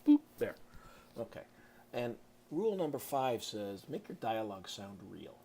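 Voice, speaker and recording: A man's voice: medium pitch, big pitch swings, unhurried, dark tone. A middle-aged man, an author, giving a casual, chatty lesson on writing to camera, tossing in playful sound effects. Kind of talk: casual instructional talk to camera.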